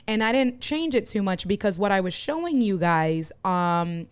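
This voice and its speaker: A woman's voice: mid-range voice, expressive, normal speed, clean tone. A woman live streamer chatting casually from her home setup, reacting to viewer comments and laughing often. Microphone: desk streaming mic through a mixer.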